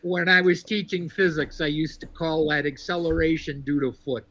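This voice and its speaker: Texas guy calling in, bright voice, dry sound, wry and measured. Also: a little high, fairly even intonation, no room sound. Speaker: caller. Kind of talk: casual sports call-in chat.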